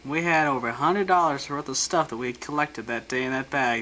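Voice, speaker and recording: A man's voice: medium pitch, a little fast, few pauses, bright, forceful tone, a little hiss or hum, rough recording. A man narrating his family vacation photos, with dry, joking asides. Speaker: home video narrator.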